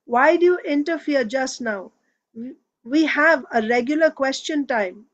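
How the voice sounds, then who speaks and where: A woman's voice: high-pitched, a little slow, dull audio. A woman reading the lines of an elderly male swami who firmly holds back an interrupter. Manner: firm, insistent refusals. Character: elderly male swami, firm, patient lecturer.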